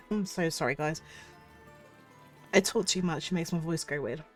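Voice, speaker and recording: A woman streamer with a cold chats casually and effusively to her viewers. Her voice is husky from the cold. Faint music plays in the background. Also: sits low, takes it slowly. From United Kingdom. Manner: chatty and effusive, thanks viewers warmly. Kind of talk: casual livestream chat.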